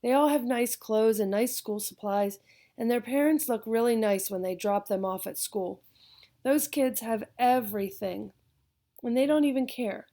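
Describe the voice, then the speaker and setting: A woman's voice: a little high, normal speed, dark tone, lightly acted. Woman reading as a sullen young boy. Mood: frustrated. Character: frustrated poor young boy, sulky.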